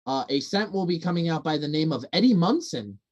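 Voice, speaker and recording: A man co-hosting a casual podcast chat, excitable and quick to swear. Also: fairly high pitch, highs cut off. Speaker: podcast co-host.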